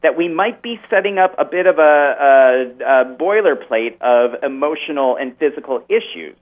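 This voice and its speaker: A man's voice: a little high, expressive, moderate pace. A man, a therapist, explaining earnestly as a guest in an interview over the phone. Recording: tinny phone line.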